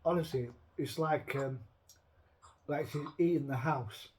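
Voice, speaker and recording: A man talking in a casual, rambling rant. His voice sits high for a man. He is blunt and swears freely, often restarting his sentences. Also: unhurried, a little mellow. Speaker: show host. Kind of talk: casual chat.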